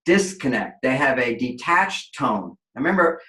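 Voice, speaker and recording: A man's voice: mid-range voice, sing-song, moderate pace, bright, forceful tone. A man guest on an interview show, explaining relationships in an expansive way and acting out quoted voices. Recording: echoey room.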